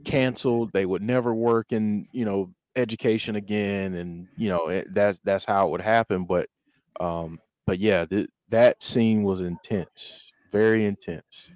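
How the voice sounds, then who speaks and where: A man's voice: fairly low pitch, fairly even intonation, unhurried, a little mellow, dry recording. A man in casual conversation about a film, speaking thoughtfully and hesitantly, often restarting his sentences.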